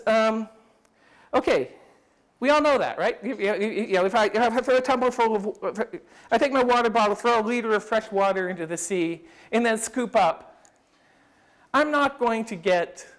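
A man's voice: high voice, moderate pace. A man giving an academic lecture at a summer school, thinking aloud with frequent restarts and speeding through quoted passages.

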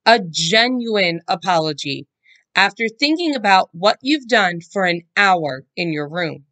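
Lady doing a strict mom scolding her kids, sharp and firm, in a storybook. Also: medium pitch, expressive, a little slow. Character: stern, firm mother.

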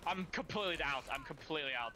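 A young man chatting over voice chat during a shooter game, excitable and repeating panicked callouts. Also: on the high side, quick pace, noisy background. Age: young adult. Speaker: player. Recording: voice chat under game gunfire. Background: loud gunfire from the game.

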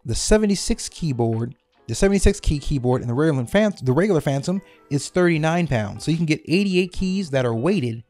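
Over soft background music, a man with a fairly high, slightly mellow voice and lively intonation briskly compares keyboards in detail. His tone is conversational, and he says the figures again to drive them home.

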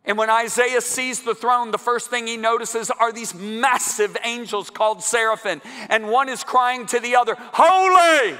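A man preaching a sermon to a congregation in a large church, emphatic and building to loud climaxes. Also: sits high, smooth. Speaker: guest preacher. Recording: long church hall reverb.

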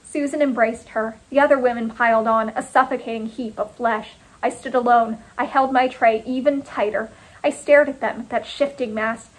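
Woman author narrating her own first-person story, clipped and deliberate, higher voice. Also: steady tone, rough recording.

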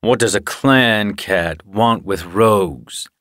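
A man voicing a blunt, gruff ginger rogue tomcat in an audiobook. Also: fairly low pitch, takes it slowly, a bit bright, no room sound, studio quality.

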